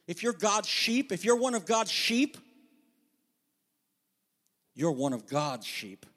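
A man preaching a sermon with passion, moving between loud emphatic peaks and hushed, intimate asides. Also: fairly high pitch, in a large hall. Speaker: pastor.

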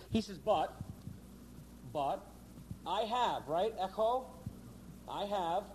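Warm, emphatic male Bible teacher. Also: on the high side, low-quality recording. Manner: emphatic, repeats key words, asks the class questions. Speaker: Bible teacher for pastors in training.

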